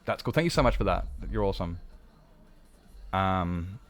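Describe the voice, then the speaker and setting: A man's voice: normal speed, soft background music. Rambling jokey man streaming. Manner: rambling and jokey, with sudden high excited greetings. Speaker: game streamer. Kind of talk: casual live-stream chat.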